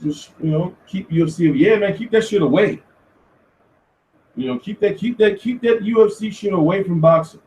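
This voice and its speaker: A man hosting a casual commentary show, talking in an animated, profane rant. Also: sits high, moderate pace, a little hiss or hum. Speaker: host. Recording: echoey room, far from mic.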